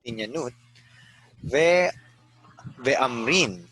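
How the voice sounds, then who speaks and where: A man reading words aloud slowly and hesitantly in a language lesson, repeating them after corrections. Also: mid-range voice, animated, a bit bright, breathy edge. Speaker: student.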